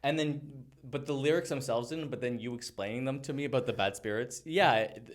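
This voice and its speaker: A man hosting a casual comedy podcast at an ordinary mid pitch. He rambles through his thoughts and laughs easily between them. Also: brisk. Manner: laughs often, loose and rambling. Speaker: podcast host.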